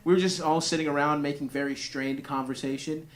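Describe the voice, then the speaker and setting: A man's voice: fairly high pitch, steady tone, a little fast. A male stand-up comedian doing crude, rambling crowd work and laughing through his own jokes. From Greek family. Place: comedy club with audience. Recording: live club recording with crowd.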